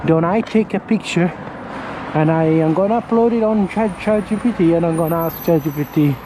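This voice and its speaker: A man from Italy with an Italian accent, chatting casually on a walking vlog and often pausing to search for words, talking into a camera outdoors on a windy street. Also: a little high. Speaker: vlogger. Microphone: camera mic held near the face. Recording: faint wind and traffic noise outdoors.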